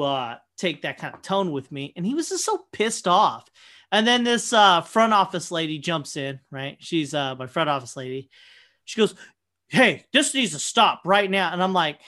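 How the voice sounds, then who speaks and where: A young man casually telling a profane, animated story, full of fillers and quoted asides. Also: sits high. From Michigan, USA. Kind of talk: casual anecdote chat.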